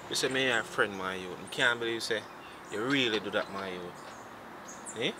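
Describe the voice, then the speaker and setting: A man's voice: on the low side, normal speed, background noise, close to an everyday voice. A man with a Jamaican accent playing a betrayed young man who confronts the people who deceived him. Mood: accusing. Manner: indignant, incredulous. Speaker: actor in a film. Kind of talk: low-budget film acting.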